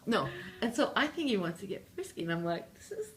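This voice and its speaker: Gravelly-voiced woman telling a funny story. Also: mid-range voice, fast. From Canada. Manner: animated, jokey, acts out her own lines. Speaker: interview guest, singer-songwriter. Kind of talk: casual storytelling interview.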